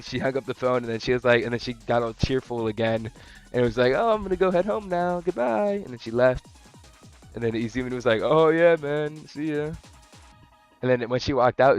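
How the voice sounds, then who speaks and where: Slangy, rambling young man. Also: mid-range voice. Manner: slangy, profane, excitable, lots of fillers. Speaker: anime vlogger. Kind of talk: casual rambling review.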